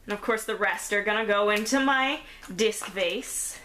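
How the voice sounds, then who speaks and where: A woman's voice: mid-range voice, normal speed, sharp tone, a little hiss or hum. A woman chatting casually while making a craft, self-deprecating and laughing often, a little out of breath. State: slightly out of breath. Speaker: craft vlogger.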